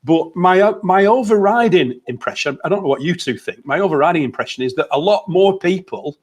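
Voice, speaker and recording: A man's voice: high-pitched, lively intonation, a little fast. A man, a motivational coach in a casual group chat, telling stories and laughing easily over a video call. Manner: chatty storyteller, laughs easily.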